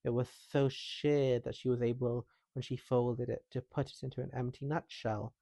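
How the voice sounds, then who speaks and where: Male storyteller, calm bedtime narration, soft, mid pitch, dry close sound. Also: moderate pace, no room sound. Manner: soft and calming.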